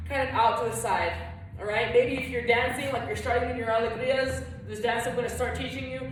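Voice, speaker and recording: A woman's voice: fairly high pitch, fairly even intonation, brisk, heavy background noise. A woman teaching a flamenco dance lesson, chatting encouragingly and counting beats aloud as she claps and moves. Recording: echoey room, voice from a distance.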